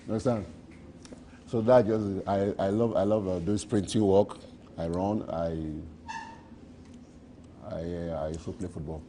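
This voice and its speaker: A man's voice: on the low side, unhurried, long pauses, dark tone, a little hiss or hum. A Nigerian man in a street interview, rambling playfully and boasting, repeating his phrases.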